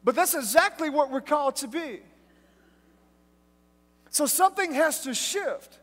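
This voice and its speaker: A man preaching a sermon at a live event, telling stories in a lively, joking way. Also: very high voice, a little slow. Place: large event hall. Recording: long hall reverb from live event.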